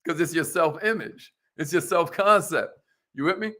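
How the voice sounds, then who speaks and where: A man hosting a live motivational show, preaching with high energy in slangy casual talk and calling out viewers by name. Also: normal speed, a bit bright.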